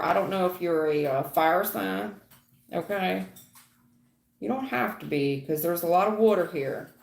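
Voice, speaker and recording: A woman's voice: mid-range voice, a little mellow, reverberant. A woman giving a live tarot reading, chatty and folksy, calling viewers honey and baby. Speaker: tarot reader.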